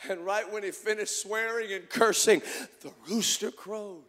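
A man with a high voice preaches with fervor, telling the story and then calling out to the congregation. His voice rings with a long echo in a large church sanctuary. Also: fairly even intonation, measured pace. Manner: fervent storytelling preaching, rising to shouts. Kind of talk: sermon.

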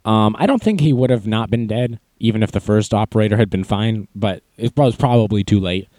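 A young man hosting a podcast, telling stories in a casual, self-mocking way and acting out quotes in a high voice. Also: fairly quick, warm tone, no room sound. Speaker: podcast host. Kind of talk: casual storytelling monologue.

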